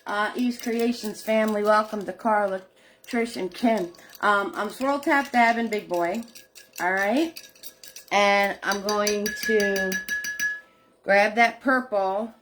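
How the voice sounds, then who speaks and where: Middle-aged woman, unhurried and chatty; live painting host who laughs easily and greets her viewers. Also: medium pitch, fairly bright tone, faint music behind. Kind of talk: casual live painting instruction.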